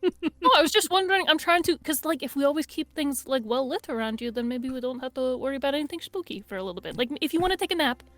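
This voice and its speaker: A woman's voice: high voice, expressive, fast, a bit bright, dry recording. A woman chatting casually as a player at a tabletop game, with lots of "like" fillers.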